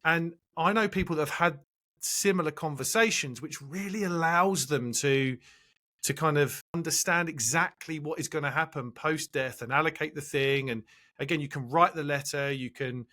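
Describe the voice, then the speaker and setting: A male podcast host thinking out loud and reflecting on the guest's story. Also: fairly high pitch, moderate pace. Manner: thoughtful, repeats himself while building a point. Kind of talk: conversational interview.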